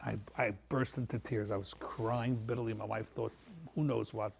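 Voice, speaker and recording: A man telling a heartfelt personal story on a panel, animated and repeating phrases as he acts out the people in it. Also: fairly low pitch, moderate pace, vocal fry, a little hiss or hum. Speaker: panel guest.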